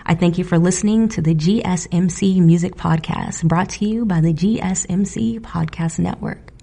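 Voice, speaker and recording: Woman, podcast host, casual solo commentary, animated, gravelly edge. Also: on the low side, moderate pace. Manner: animated, laughing, indignant.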